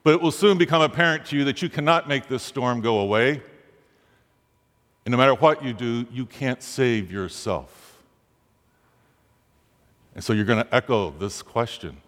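A man's voice: normal speed, long pauses, a bit bright. A man preaching a sermon, dramatic, his voice rising sharply on the pleading questions he voices. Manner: dramatic, rising pitch on quoted pleas. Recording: long hall reverb.

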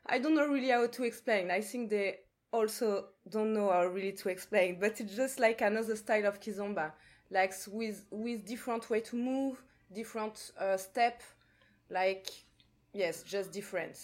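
A woman from Martinique, a guest on a casual podcast, speaking in halting English and searching for words. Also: medium pitch. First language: French. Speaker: guest, dancer.

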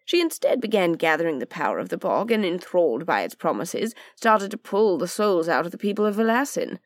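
A woman's voice: fairly low pitch, big pitch swings, a little fast, no room sound, studio quality. Woman playing a droll sardonic nobleman. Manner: droll, languid and teasing. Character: dry, sardonic aristocratic man, lazy and witty.

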